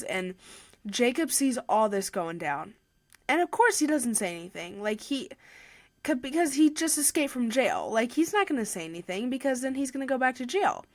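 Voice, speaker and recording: A woman's voice: medium pitch, no echo. A young woman hosting a podcast, casually retelling a novel's plot in a chatty way, with lots of "like" and frequent restarts. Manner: chatty, heavy use of "like", with restarts. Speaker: podcast host. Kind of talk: casual book review recap.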